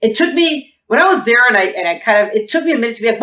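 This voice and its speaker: A woman's voice: a little high, expressive, rapid-fire, fairly bright tone. A woman co-hosting a casual book podcast, talking in long rambling stretches full of restarts. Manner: chatty, rambling, lots of restarts. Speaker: podcast co-host. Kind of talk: casual book review chat. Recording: echoey room.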